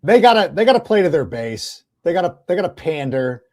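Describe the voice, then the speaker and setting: A man hosting a sports podcast, talking casually in a lively, rambling way with restarts. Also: on the high side, a little fast. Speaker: podcast host.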